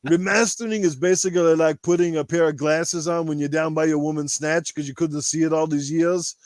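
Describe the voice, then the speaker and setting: A brash, crude aging action-star man voiced by a man doing an impression rants and swears at full volume. The voice sits high for a man, recorded close and dry. It is a comedic podcast impression. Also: steady tone, fairly quick, no echo, close to an everyday voice. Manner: loud, profane ranting.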